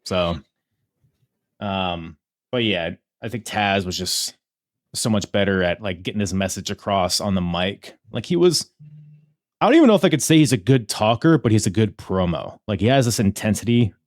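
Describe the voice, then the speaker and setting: A man hosting a podcast in casual chat, talking with animated quick asides and many fillers. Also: lowish voice. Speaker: podcast host.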